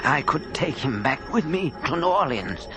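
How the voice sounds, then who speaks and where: A man voicing a scarred, furious male vampire who speaks in a harsh, slow way and makes frantic demands. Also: fairly high pitch, sing-song, music in the background, pitched above the performer's own voice.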